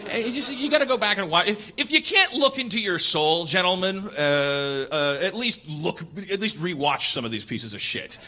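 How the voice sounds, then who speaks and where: Male podcast host, sharp bright tone, slightly high voice, profane comedic rants. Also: moderate pace, few pauses. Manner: animated, profane ranting. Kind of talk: casual comedic storytelling.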